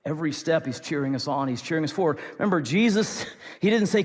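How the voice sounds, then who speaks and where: Male pastor, somewhat high voice, earnest repetitive sermon, long hall reverb. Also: animated, fairly quick. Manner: earnest, repetitive, swings between loud and soft.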